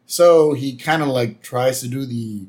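A man's voice: mid-range voice, measured pace, a little mellow. A man co-hosting a podcast, chatting casually as he recaps a cartoon episode and acts out the characters' lines. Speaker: podcast co-host.

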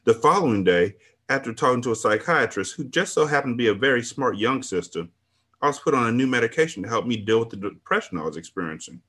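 A man's voice: mid-range voice, lively intonation, fast talker, sharp tone, breathy edge, pitched below the performer's own voice. A man reading a book aloud as its first-person narrator, an older woman looking back on her life with relief and regret.

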